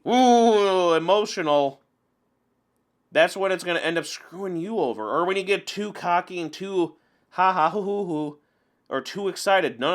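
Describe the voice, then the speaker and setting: A man giving casual, animated commentary while playing an online card game, ranting and laughing as he goes. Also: high voice. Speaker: gameplay commentator.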